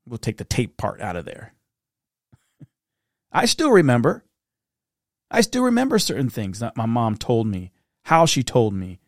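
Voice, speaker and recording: A middle-aged man hosting a reflective solo podcast, talking earnestly in a storytelling way that turns soft-spoken at times. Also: fairly high pitch, sing-song, moderate pace, long pauses, dry recording, studio quality. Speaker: podcast host.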